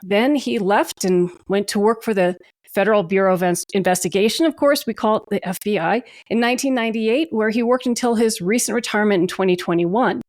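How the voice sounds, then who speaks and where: A woman's voice: medium pitch, brisk, a little mellow, no echo, clean studio sound. A woman hosting a podcast interview, giving chatty, friendly introductions. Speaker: podcast host.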